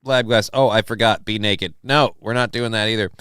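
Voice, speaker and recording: Host, young man, crude and sarcastic, smooth clean voice, dry close sound. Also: fairly low pitch, normal speed, a bit bright, no room sound. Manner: profane, sarcastic, ranting. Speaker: livestream host reading chat. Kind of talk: crude casual streamer chat.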